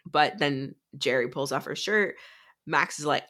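A woman's voice: deep voice, a little slow, pushed and bright. A woman co-hosting a podcast, casually recapping a book in a chatty way, with lots of fillers. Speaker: podcast co-host.

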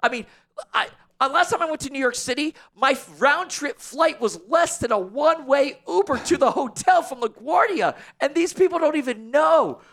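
A man's voice: extremely high pitch, lively intonation, normal speed, creaky, a bit bright. A man in casual sports talk, ranting animatedly as a guest columnist.

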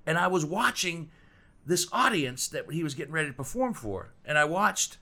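A man's voice: a little high, sing-song, moderate pace, sharp tone. A man hosting an interview, asking long, rambling questions and often repeating his words while he gets to the point. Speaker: podcast host.

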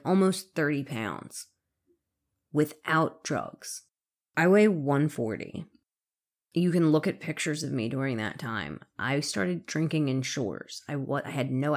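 Woman, candid personal account, halting delivery, plain speech, swears freely. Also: sits low. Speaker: interviewee in recovery. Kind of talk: emotional personal storytelling.

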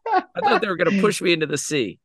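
A man's voice: high voice, wildly swooping pitch, fast talker, fairly bright tone, husky, no room sound, studio quality. A man hosting a podcast, telling a funny travel story and mimicking the voices of the people in it. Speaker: podcast host. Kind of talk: storytelling anecdote.

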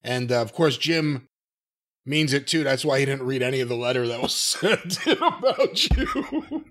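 A man's voice: medium pitch, sing-song, unhurried, fairly bright tone. A man co-hosting a podcast in casual chat, needling his partner with dry, teasing humor. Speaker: podcast co-host.

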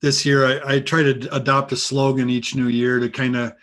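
A man's voice: medium pitch, flat delivery, brisk, fairly bright tone. Reflective, encouraging male podcast host. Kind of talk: casual interview.

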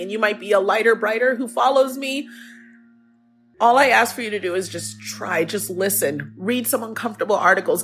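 A woman podcast host speaking an earnest, halting personal message, near tears at times. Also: on the high side, a bit bright. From Africa.

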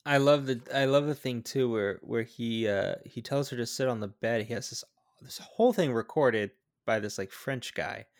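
A man's voice: mid-range voice, normal speed. A man co-hosting a podcast, chatting casually about a film, asking questions and laughing easily. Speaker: podcast co-host. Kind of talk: casual movie-review chat.

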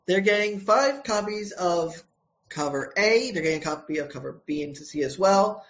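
A male comic creator answering interview questions casually, often pausing and restarting his sentences. His voice sits a little higher than most men's. The sound is slightly dull and lo-fi. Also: lively intonation, fairly bright tone. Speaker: comic book writer and co-creator.

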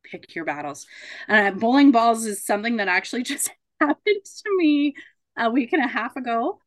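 A woman mediator, around her thirties, giving a relaxed talk to a support group, animated and laughing as she acts out quoted voices. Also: on the high side, moderate pace.

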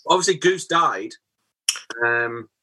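A man hosting a football podcast, chatting casually and analysing a match in quick, lively talk. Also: a little high, breathy edge. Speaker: podcast host.

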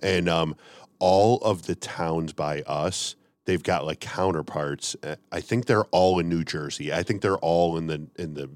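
A man's voice: sits low, a little slow, no echo. A man hosting a casual podcast as a firefighter from the Chicago suburbs, laughing often and talking with many ums and uhs.

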